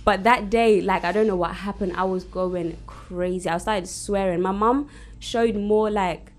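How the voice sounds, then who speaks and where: A woman, a podcast guest in casual chat, talking haltingly with lots of fillers in an even tone. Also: medium pitch. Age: 20s.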